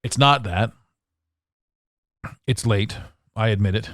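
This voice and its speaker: A man's voice: on the low side, takes it slowly, fairly bright tone, no room sound, studio quality. A tired man in his forties from Canada, ranting sarcastically in a rambling solo podcast monologue. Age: 40s. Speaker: podcast host.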